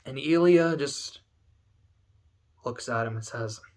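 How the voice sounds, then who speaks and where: A man's voice: medium pitch, slow, darkish tone. Casting: teary guy rambling, swears a lot, emotional talk. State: close to tears. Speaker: video essayist.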